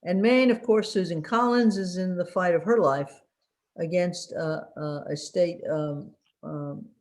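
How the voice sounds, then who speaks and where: A woman giving an unscripted election briefing as a political commentator, halting often with fillers while recalling names and dropping dry, wry asides. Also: lowish voice, steady tone, darkish tone.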